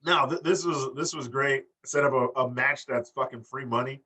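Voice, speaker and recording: A man's voice: medium pitch, normal speed, sharp tone, husky, far from the mic. A man co-hosting a casual wrestling podcast, tipsy and rambling, joking and laughing as he talks. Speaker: podcast co-host.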